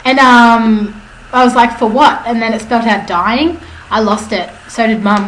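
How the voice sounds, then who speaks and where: A young woman talks straight to her camera at home, her voice sitting a little high. She rambles along, full of fillers and corrections. The room rings around her, with a faint hiss underneath. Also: fairly even intonation, moderate pace, a bit bright. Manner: chatty and rambling, many fillers and self-corrections. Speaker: vlogger. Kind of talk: casual storytelling to camera. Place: at home indoors. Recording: echoey room with faint background noise.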